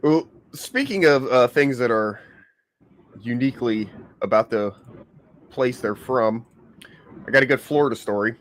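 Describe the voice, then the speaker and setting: A man's voice: medium pitch, a little slow, pauses often, slight background noise. A man hosting a casual livestream podcast, laid-back and swearing freely as he rambles through stories. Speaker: podcast host.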